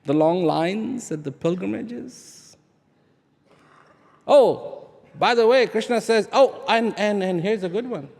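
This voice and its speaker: A man giving a live spiritual talk to an audience, firing rhetorical questions and repeating key words, swinging between loud emphasis and hushed asides. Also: high voice, slow pace, gravelly, long pauses. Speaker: speaker addressing an audience. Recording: long hall reverb.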